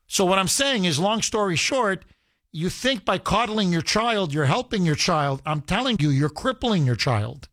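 A man's voice: high voice, lively intonation, moderate pace, fairly bright tone, dry recording. A man hosting a talk radio show, delivering an emphatic, combative monologue into a studio microphone and restarting phrases often.

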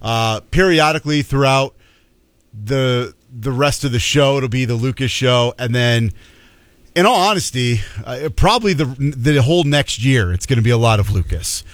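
A man's voice: medium pitch, lively intonation, moderate pace, no room sound. A young man hosting a casual sports radio show, rambling and restarting his sentences. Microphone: studio microphone.

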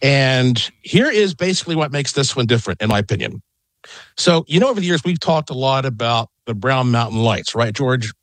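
A middle-aged man, a guest on a call-in radio interview, telling an excited, rambling story from his home. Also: medium pitch, fairly quick, dry recording. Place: home in Las Vegas.

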